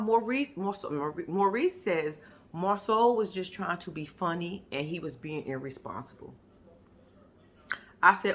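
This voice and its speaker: A woman's voice: mid-range voice, expressive, a little slow, a bit bright. Woman, mid-range voice, recapping a show with lots of cussing, talks right to y'all. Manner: blunt, profane, emphatic storytelling; addresses viewers directly. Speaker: reality TV recap vlogger. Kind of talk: casual episode reaction chat.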